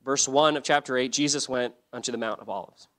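Teaching a Bible lesson at church, this man acts out the quotes and tells the story with animation, frequently restarting his sentences. He has a medium pitch and talks fast.

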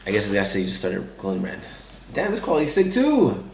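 A man with a hoarse, failing voice, talking to viewers in a laid-back, slangy car vlog, saying bro and guys a lot. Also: lowish voice, wildly swooping pitch, quick pace, darkish tone, roomy sound, slight background noise. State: hoarse, losing his voice. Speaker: car vlogger. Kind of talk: casual vlog chat.

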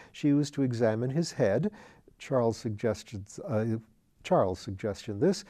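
Guy reading a novel out loud, low warm tone, calm even pace. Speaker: audiobook reader. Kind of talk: reading a novel in letters aloud.

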